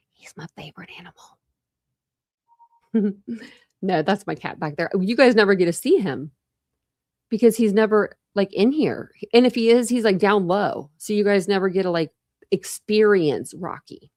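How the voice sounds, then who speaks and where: A woman's voice: medium pitch, expressive, moderate pace, pauses often, darkish tone, no room sound, studio quality. A woman in her forties at home, chatting casually on a live stream in a rambling way, full of "like" fillers. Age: 40s. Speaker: true crime YouTuber on a live stream. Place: at home, room with couch and cat.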